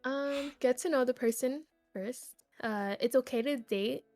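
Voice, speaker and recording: A high-voiced young woman, a streamer on a podcast as a guest, relates a personal story at a measured pace in a casual, animated ramble heavy on "like." There's no echo, just soft music playing behind her.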